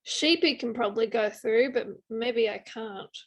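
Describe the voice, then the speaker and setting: Soft-spoken, hesitant woman, high and unhurried. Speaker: player. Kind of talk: casual tabletop play.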